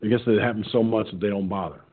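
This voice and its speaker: A middle-aged man hosting an online radio talk show tells a funny story in casual chat, animatedly acting out the other people's voices as he quotes them. His voice is on the low side, very fast, and husky, and it comes through a tinny, phone-like line.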